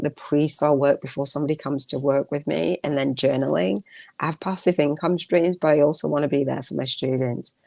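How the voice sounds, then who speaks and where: Woman host, gravelly, dry close sound, rambling heartfelt monologue. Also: deep voice, a little mellow, no room sound. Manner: rambling, heartfelt, self-correcting. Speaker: podcast host. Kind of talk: casual monologue.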